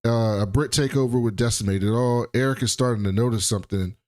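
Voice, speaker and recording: A man co-hosting a casual podcast, recapping a TV episode in an animated, slangy way. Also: medium pitch, fast. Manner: animated, acts out characters, slangy. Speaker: podcast co-host.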